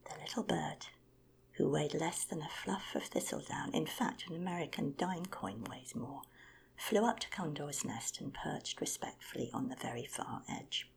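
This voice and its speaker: A woman telling an animal fable in a whispered, expressive storytelling voice. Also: sits low, normal speed, vocal fry. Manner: lively, expressive narration.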